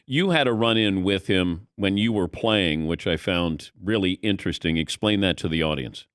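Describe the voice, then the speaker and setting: A man's voice: low voice, moderate pace, smooth, no room sound, clean studio sound. A man hosting a radio talk show, asking questions and chatting in a conversational way. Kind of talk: casual radio interview.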